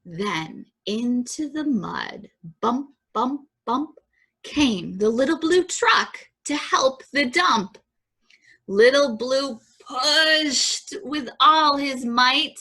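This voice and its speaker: Reading a picture book aloud for children's story time at the library, a woman librarian sounds expressive and rhythmic and talks with the kids between pages. Her voice sits high, and she draws out her words.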